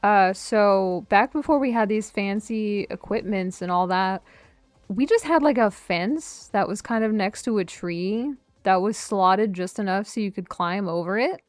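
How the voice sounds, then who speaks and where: A woman streamer rambles casually through a tier list, cutting herself off mid-word and cracking jokes as she reminisces. Her mid-range voice is a little slow, with no echo and soft music in the background.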